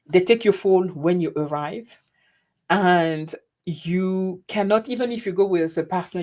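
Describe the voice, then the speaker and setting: On a casual webcam livestream, a host from France with a French accent greets viewers by name and keeps restarting her sentences, her voice on the low side and a little mellow.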